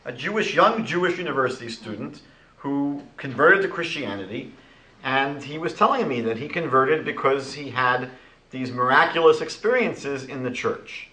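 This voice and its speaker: Animated man lecturing in an echoey room. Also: mid-range voice, normal speed. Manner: animated, rhetorical, retells conversations. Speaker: rabbi lecturing.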